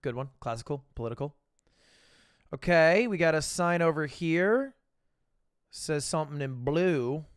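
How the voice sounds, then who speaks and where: A man's voice: fairly high pitch, lively intonation, unhurried, pauses often, clear, resonant tone, no room sound, studio quality, soft background music. Joking young male streamer thinking aloud. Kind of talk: casual live-stream commentary.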